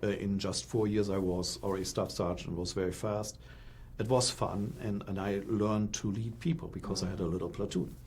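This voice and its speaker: A middle-aged man from Germany with a German accent, a guest in an interview, telling his story with animated, acted-out quotes. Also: lowish voice, normal speed, a little hiss or hum.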